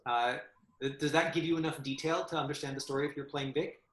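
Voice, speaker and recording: A man teaching an acting class, explaining a script to his students in a halting way, with many fillers and restarts. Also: fairly high pitch, fairly even intonation, fairly bright tone, reverberant, poor audio.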